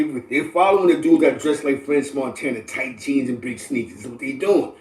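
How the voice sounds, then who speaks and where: A middle-aged man from the Bronx, talking casually to livestream viewers in animated street slang and often asking "you know what I'm saying". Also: mid-range voice. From the Bronx, New York. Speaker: livestream host. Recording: roomy, distant from the mic.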